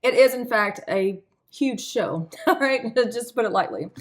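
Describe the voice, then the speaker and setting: A woman with a fairly high voice talks straight to her viewers in a loose, chatty spiritual reading. She stays earnest through heavy subjects but keeps breaking into easy laughs and folksy asides to "y'all.". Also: animated, moderate pace. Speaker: spiritual card reader. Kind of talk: casual spiritual reading to camera.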